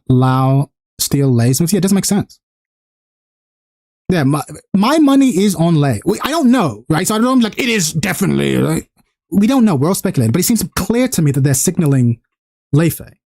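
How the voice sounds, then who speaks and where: Male streamer, casual reaction talk, excitable, profane. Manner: excited, profane, talks fast and gets louder and higher when hyped.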